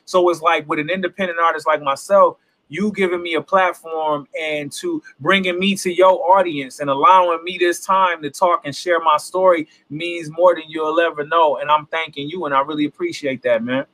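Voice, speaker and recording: Earnest high-voiced man, reflective. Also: steady tone, moderate pace, pushed and bright. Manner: earnest, reflective, preaching-like emphasis. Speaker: independent hip hop artist, guest. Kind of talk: casual interview talk.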